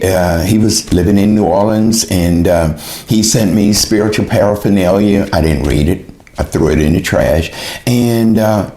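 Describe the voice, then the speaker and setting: A man's voice: fairly low pitch, mellow. A man giving an earnest, emotional personal testimony, retelling his own pleas to God in quoted speech. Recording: roomy echo.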